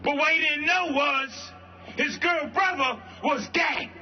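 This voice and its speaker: A man from Brooklyn giving a protest rally speech, shouting call-and-response lines in street slang. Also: very high voice, slow pace, soft background music. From Brooklyn, New York. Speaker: rally speaker, violence-prevention worker. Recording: lo-fi livestream with crowd. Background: faint crowd.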